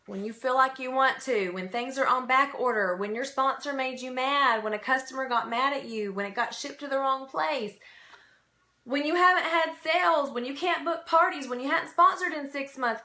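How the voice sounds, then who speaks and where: Bright, high-voiced emphatic woman. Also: reverberant. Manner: emphatic, repetitive, pep-talk delivery. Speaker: team leader giving a sales training. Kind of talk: motivational training talk.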